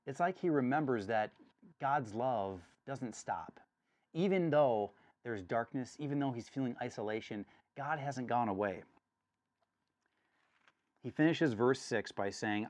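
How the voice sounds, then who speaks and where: A man's voice: mid-range voice, lively intonation, a little slow, darkish tone. A man leading a church study, giving an earnest devotional talk and growing more intense as he reads scripture. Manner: earnest, rising intensity when reading.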